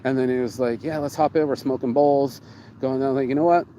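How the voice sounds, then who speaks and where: A man hosting a casual chat, telling his travel stories in an excitable, profane way and repeating words for emphasis. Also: mid-range voice, fairly quick, a little hiss or hum, rough recording. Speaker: show host.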